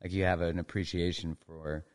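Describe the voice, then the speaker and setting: A man's voice: low voice, little pitch movement, normal speed. A man from Canada, a guest on a podcast, talking in an easygoing, reflective way with some fillers. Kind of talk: casual podcast interview.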